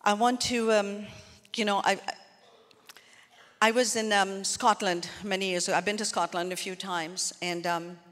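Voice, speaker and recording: A woman pastor preaches in a church hall, earnest and conversational, frequently turning to the congregation with asides. Her mid-range voice is fairly bright and flat, at a normal speed. Long hall reverb colors the recording.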